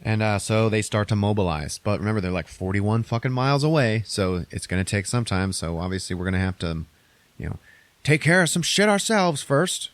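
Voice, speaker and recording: Low-voiced guy cussing his way through a movie plot on a podcast, jumps up high for the characters, dry close sound. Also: expressive, brisk, dry recording. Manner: profane, rambling, acts out characters' lines in a raised voice. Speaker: podcast host recapping a movie. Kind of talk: casual movie recap.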